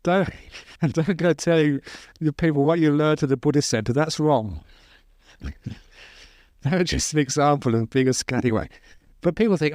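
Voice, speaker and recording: A man, a Buddhist monk, giving an informal dharma talk, telling stories with gentle humor and chuckling at his own jokes. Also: fairly high pitch, moderate pace, long pauses, no room sound, studio quality. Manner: conversational storytelling, with restarts. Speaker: Buddhist monk teaching meditation.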